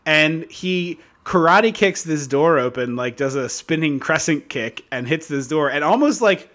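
Podcast co-host, male, slightly higher voice, sarcastic animated riffing. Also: a little slow. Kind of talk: casual movie-review chat.

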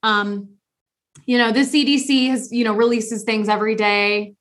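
A woman co-hosts a podcast in easygoing chat. Her voice sits a little high, and she turns playful, reading posts aloud in mock voices. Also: fairly even intonation, moderate pace, a bit bright. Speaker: podcast co-host. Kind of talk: casual chat.

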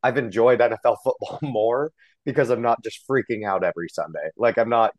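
A man's voice: mid-range voice, fairly quick, no echo. A man hosting a casual podcast, chatty and upbeat, often laughing. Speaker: podcast host.

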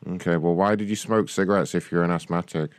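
A man playing a deadpan customer service agent in a prank phone call. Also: low-pitched, quick pace, clear, resonant tone. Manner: deadpan, mock-official phone manner. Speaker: prank caller.

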